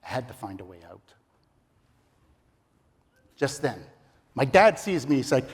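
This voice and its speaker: His mid-range voice has a sing-song lilt, a slightly slow pace, and long pauses. He's a middle-aged contest speaker performing a theatrical, humorous story speech, recorded with heavy reverb in a large ballroom.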